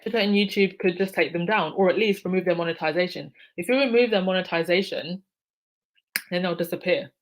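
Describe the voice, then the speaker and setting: A woman hosts a casual livestream from home, talking straight to her viewers in a lowish voice. She chats loosely, thanks donors by name and reacts to their comments as she goes. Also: fairly quick, low-quality recording. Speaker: YouTube commentator reading live chat donations.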